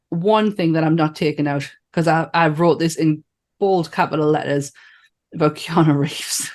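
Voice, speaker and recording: Sweary, animated woman podcast co-host. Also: lowish voice. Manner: animated, sweary, laughs often. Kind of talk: casual film chat.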